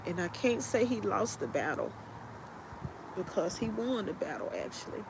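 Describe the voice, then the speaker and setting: A woman hosting a podcast, telling a personal story in a halting, heartfelt way while tearful. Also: medium pitch, lively intonation. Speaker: podcast host. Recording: noticeable background noise.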